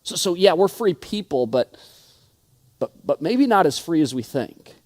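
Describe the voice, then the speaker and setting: Man preaching, thirties, slightly high voice, stammers, repeats words, storytelling sermon. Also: very animated, a little slow, darkish tone. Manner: frequent stutters and word repeats; storytelling, acting out quoted friends. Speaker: pastor.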